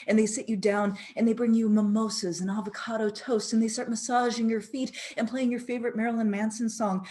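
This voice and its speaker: A woman coach talks to the camera in a vlog, with a playful, theatrical way of telling a story. She slips into silly voices for her skit, then settles into earnest, practical advice. Her pitch sits in the middle range for a woman. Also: fairly even intonation, a little fast, hardly any pauses, dark tone. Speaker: fitness coach. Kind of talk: comedic vlog monologue.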